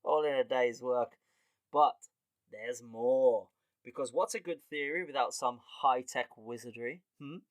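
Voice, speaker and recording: A man hosting a comedic podcast in a loose, animated monologue. He laughs often and swears casually, with a mid-range voice recorded dry and close. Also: medium pitch, unhurried, no echo. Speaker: podcast host.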